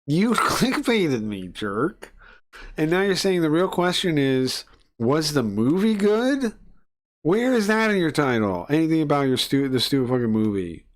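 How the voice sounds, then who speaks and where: A man's voice: a little high, lively intonation, normal speed. A man streaming live, reacting to a video with sarcastic, mocking rants. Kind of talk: casual live-stream commentary.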